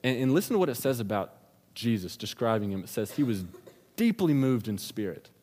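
A man's voice: mid-range voice, big pitch swings, a little fast, dark tone, slight background noise. A man preaching a sermon, retelling the scripture story in a casual, slangy storytelling manner. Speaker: pastor. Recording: long reverb of a large hall.

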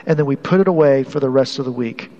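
A man's voice: mid-range voice, quick pace, warm tone, long reverb tail, muffled recording. A man preaching a sermon as pastor in a conversational way, often restarting and repeating phrases to drive a point home.

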